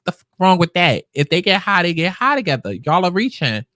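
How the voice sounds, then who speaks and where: A man's voice: high voice, big pitch swings, brisk, bright, forceful tone, no echo, clean studio sound. A man with a New York accent hosting casual commentary, blunt and swearing freely. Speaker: commentary host.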